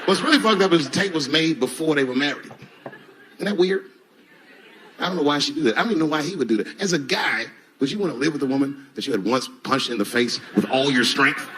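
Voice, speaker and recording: A man's voice: fairly high pitch, quick pace. A middle-aged man performing a profane stand-up comedy set to a laughing audience, acting out voices as he tells stories. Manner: profane, animated storytelling with acted-out voices. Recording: noisy live recording.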